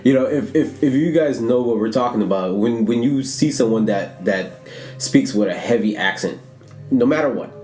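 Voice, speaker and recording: A man's voice: mid-range voice, moderate pace, a little mellow. A man co-hosting a casual podcast, recapping the story and adding dramatic asides. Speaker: podcast co-host. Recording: roomy sound with faint guitar music.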